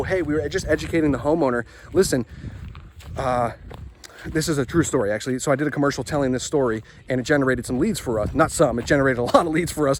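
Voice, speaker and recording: A man running a marketing agency gives a casual sales pitch while walking up a hill outdoors, talking chattily and checking in with the listener. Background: wind and passing traffic.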